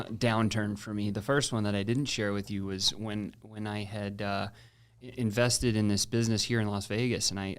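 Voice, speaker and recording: Animated slangy man telling his story. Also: fairly low pitch, clean tone. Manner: animated, slangy, with many restarts. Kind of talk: casual storytelling.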